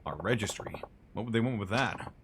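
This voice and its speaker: Guy doing a deep chill loan-shark boss, talks quiet, bit of hiss behind. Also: animated, brisk, close to an everyday voice. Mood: cool. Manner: low, quiet, laid-back. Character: calm, cool male moneylender boss. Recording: noisy stream audio.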